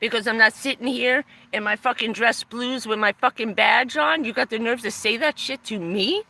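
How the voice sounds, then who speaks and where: A woman with a slightly high, pushed and bright voice rants angrily on a live stream, filmed on her phone inside a van. Her intonation is lively and her pace moderate as she swears heavily, sounding furious, aggravated and aggrieved. The recording is dry.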